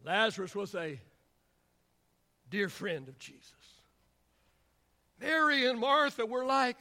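A man preaching a sermon as pastor, with a repetitive, rhythmic cadence that swells to shouts and drops into drawn-out pauses. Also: very high-pitched, very animated.

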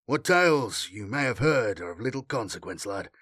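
A man's voice: lowish voice, lively intonation, normal speed, fairly bright tone, dry recording, clean studio sound. A man voicing a stern, commanding sergeant who barks orders, in an audiobook reading. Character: stern male armored sergeant, commanding and quick-tempered. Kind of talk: audiobook character voice.

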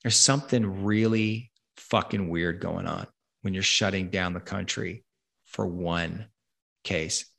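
A man's voice: deep voice, takes it slowly, gravelly, a bit bright. A man hosting a conversation, ranting angrily and emphatically with lots of swearing. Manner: profane, angry, emphatic ranting. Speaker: podcast host.

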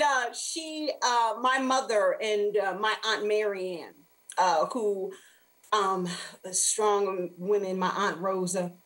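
A woman author, a guest on an interview show, telling a faith-filled personal story in an animated, expressive way. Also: mid-range voice, rough recording.

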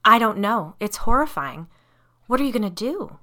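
A woman's voice: on the high side, big pitch swings, normal speed, pushed and bright, voice pushed up. A woman reading as a flustered, apologetic young mother. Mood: stunned. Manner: hesitant, stammering and apologetic.

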